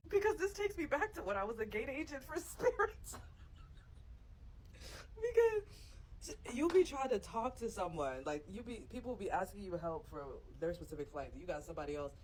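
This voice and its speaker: Giggly woman reacting on camera, very animated pitch. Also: moderate pace, slight background noise, rough recording. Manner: giggly, breaks into laughter. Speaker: former gate agent reacting to videos. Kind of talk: casual reaction vlog.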